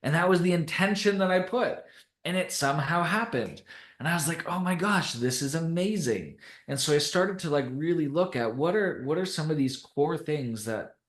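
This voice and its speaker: A young man from Canada, a podcast guest, telling a personal story in a casual, animated way and laughing often. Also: a little high, moderate pace, echoey room.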